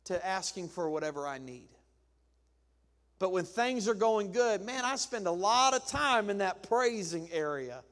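Pastor, male, high voice, conversational sermon with playful acted quotes; reverberant sanctuary. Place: church sanctuary. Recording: long church reverb.

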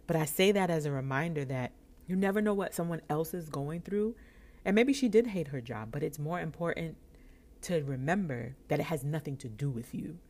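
A woman in her thirties from New York, hosting a podcast and telling a personal story, acting out the dialogue with laughs. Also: low voice. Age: 30s. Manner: animated, acts out dialogue with laughs. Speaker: podcast host.

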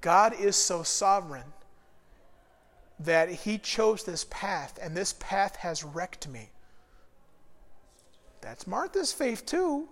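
Male Bible teacher, high-pitched, animated informal teaching, reverberant hall. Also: slow, long pauses. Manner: lively, animated storytelling with frequent restarts.

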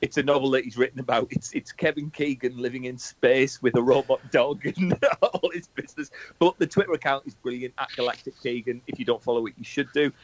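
A man's voice: medium pitch, brisk, hardly any pauses, dull audio. A man from England co-hosting a football podcast, telling rambling stories and laughing often. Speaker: podcast co-host. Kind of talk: casual chat.

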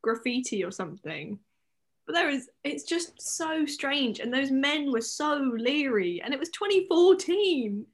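A woman's voice: high voice, sing-song. A young woman, co-hosting a casual podcast chat, chatty and giggly. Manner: chatty, giggly, recaps plot quickly. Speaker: podcast co-host.

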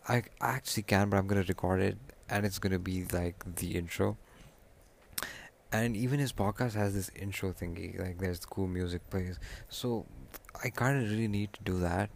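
A young man talks through his solo podcast in a loose, rambling way, often stopping to correct himself. His voice sits very low with a gravelly fry. It stays a casual, unscripted chat. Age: young adult. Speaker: podcast host.

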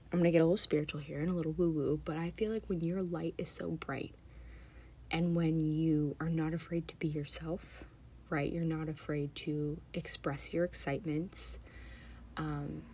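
Lower-voiced woman podcaster, earnest and emotional, slips into whispers, faint hum behind. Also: darkish tone. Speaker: podcast host reading stories. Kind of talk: casual chat.

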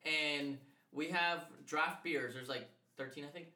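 A young man co-hosting a podcast, telling stories in a casual, animated way. His voice is bright and sits a little high. The room gives it a noticeable echo. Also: a little slow. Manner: animated, profane, laughing storyteller. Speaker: podcast co-host. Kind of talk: casual storytelling chat. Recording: echoey room.

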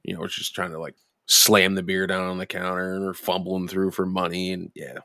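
A man in casual chat, telling crude drinking stories with lots of swearing and animated quoted voices. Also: sits low, brisk, no echo, clean studio sound. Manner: profane storytelling, lively quoted voices.

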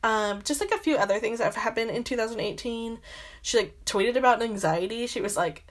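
A woman's voice: fairly high pitch, fairly quick. A young adult woman hosting a podcast, rambling through exasperated gossip commentary with constant filler words and frequent swearing. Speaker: podcast host.

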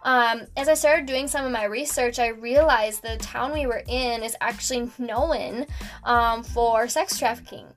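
A young woman hosting a podcast, telling a story casually with lots of fillers. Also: on the high side. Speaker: podcast host.

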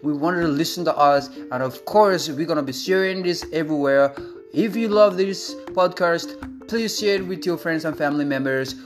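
Upbeat male podcast host, higher voice. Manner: repetitive, restarts often, acts out quoted voices. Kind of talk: casual motivational podcast talk.

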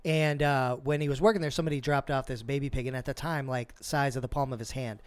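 A man co-hosting a podcast, telling a long story in casual, profane chat and acting out the quotes with lively swings. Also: medium pitch, quick pace, clean tone, no echo. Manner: animated, profane, acts out quotes. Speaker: podcast co-host.

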